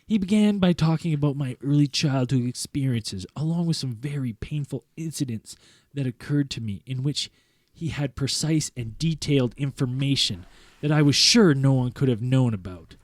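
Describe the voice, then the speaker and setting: A man's voice: medium pitch, expressive, moderate pace, no echo, studio quality. A man hosting a podcast, reading a story aloud in an earnest tone that keeps breaking into laughter. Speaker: podcast host. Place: podcast studio.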